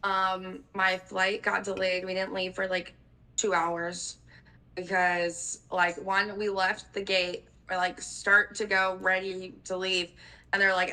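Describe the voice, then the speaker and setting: A woman's voice: mid-range voice, completely flat delivery, takes it slowly, bright, forceful tone, rough recording. A woman in her twenties co-hosting a podcast, telling stories in a casual, rambling way, full of "like" and casual swearing. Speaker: podcast co-host. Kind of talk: casual chat.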